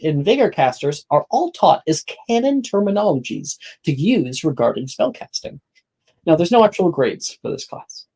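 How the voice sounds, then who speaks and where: A game master narrates a tabletop role-playing session, walking the players through the school day. The delivery is casual and loose, with plenty of fillers, at a mid-range pitch. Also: darkish tone, breathy edge.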